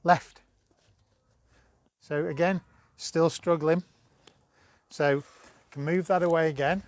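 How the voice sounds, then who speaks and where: Man, dog trainer, higher voice, dry close sound, chatty teaching on a stream. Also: fairly even intonation, unhurried, no room sound. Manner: chatty, coaxing, bursts of high praise to the dog. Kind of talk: live-streamed training demo.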